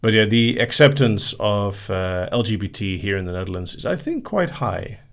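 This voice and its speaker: A man's voice: fairly low pitch, animated, moderate pace, creaky. A man hosting a casual live-stream Q&A, reading out listener questions and answering them briefly with light laughs. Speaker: hypnosis host.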